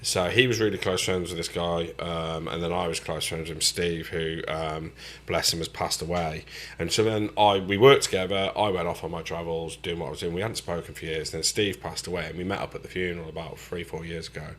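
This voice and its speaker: A man's voice: sits low, steady tone, brisk. A middle-aged man co-hosting a podcast, chatting casually in slang and swearing freely. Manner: slangy, swearing, laughs loudly. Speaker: podcast co-host. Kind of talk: casual chat.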